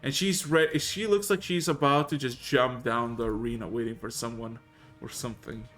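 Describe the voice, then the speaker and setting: A man guides his players through a tabletop scene, pausing and restarting as he searches for words. His voice sits at a middle pitch. Quiet music plays underneath. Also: steady tone. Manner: halting, restarts sentences while describing scenes. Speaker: game master. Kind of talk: narrating a tabletop game. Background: faint music.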